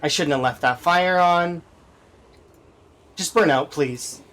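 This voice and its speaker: A man's voice: a little high, takes it slowly, a bit bright. A man streaming a survival game, talking to himself with exasperated running commentary as he plays. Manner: exasperated, talks to himself while playing. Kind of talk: live gameplay commentary.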